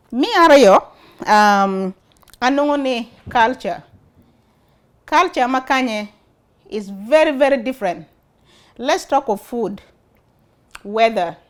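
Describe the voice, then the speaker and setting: Woman, Acholi accent, fairly high voice, earnest talk-show host, asks viewers questions. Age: adult, studied and worked before emigrating. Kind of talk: casual talk to camera.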